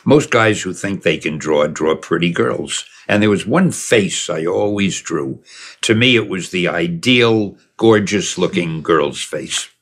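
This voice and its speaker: An older man recalls his past in a long, casual, digressive personal story, chuckling along the way. His voice is low, husky and a bit bright, and he speaks a little slowly.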